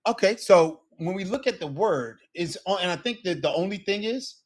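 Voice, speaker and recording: A Spanish teacher gives an online class lesson in a high, animated voice at normal speed. He explains things patiently and checks in with his students often.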